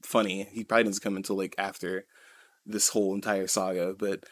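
A man's voice: low-pitched, little pitch movement, brisk, no room sound. A man co-hosting a podcast, chatting casually as he retells a chapter in a rambling way, full of "you know" and "kinda.". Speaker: podcast co-host. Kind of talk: casual chat recapping a manga chapter.

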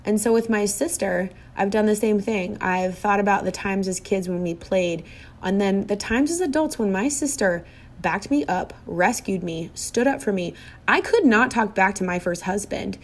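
A woman's voice: mid-range voice, moderate pace. A middle-aged woman giving a personal, reflective monologue in a heartfelt, earnest way, often repeating phrases for emphasis.

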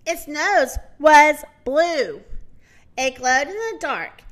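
A woman voicing a boastful, panicky male rooster who shouts and brags in a storybook reading. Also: high-pitched, lively intonation, very slow, heavily acted. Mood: boastful alarm. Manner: loud, shouty bragging.

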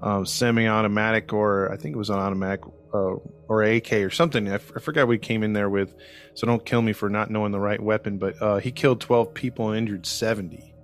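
A man narrating a story on a podcast in a loose, joking, conversational way, pausing on ums and restarting his sentences. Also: on the low side, steady tone, faint music behind.

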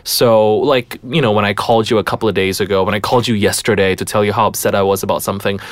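A man's voice: fairly low pitch, fairly even intonation, racing, no echo. A young man, co-hosting a casual chat show in an earnest, reflective way. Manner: earnest and reflective, playful in jokes. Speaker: podcast co-host.

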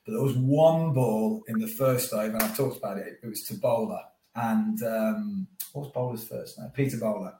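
Male guest, mid-pitched, lively raconteur, roomy off-mic sound. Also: normal speed, few pauses, distant mic, slight background noise. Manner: animated storyteller, acts out his own thoughts. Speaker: guest, former cricketer. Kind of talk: podcast interview storytelling.

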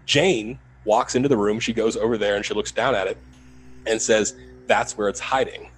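A man's voice: on the low side, moderate pace, slight background noise, rough recording. Man retelling a paranormal investigation. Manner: animated retelling, rising to loud urgency. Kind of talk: storytelling in a podcast interview.

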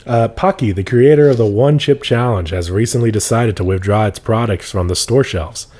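A young man co-hosts a podcast, his voice fairly low, a little mellow, and moderately paced. He chats casually and rambles, using lots of filler words.

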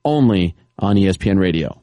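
A man hosting a sports radio show, keeping the talk moving with brisk promotional patter. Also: low voice, expressive, dark tone, no room sound.

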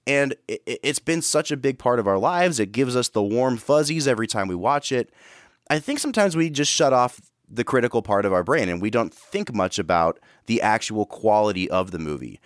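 A man's voice: medium pitch, lively intonation, normal speed, no echo. Earnest man reviewing films, dry sound. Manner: earnest, reflective, with restarts. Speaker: podcast co-host. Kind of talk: casual film review chat.

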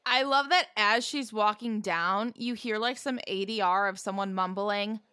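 A woman's voice: medium pitch, bright, forceful tone, clean tone, dry recording, studio quality. A woman co-hosting a casual podcast, recapping an old sitcom episode with profane jokes. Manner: profane, joking, retells scenes with quick put-on voices. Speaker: podcast co-host.

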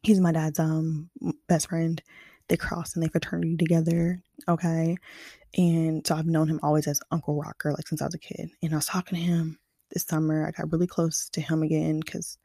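A woman's voice: low-pitched, level tone, moderate pace, creaky, mellow, husky, no room sound, studio quality. A young woman from Kansas City chatting frankly to her viewers, full of fillers. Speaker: vlogger. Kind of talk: casual storytelling to camera.

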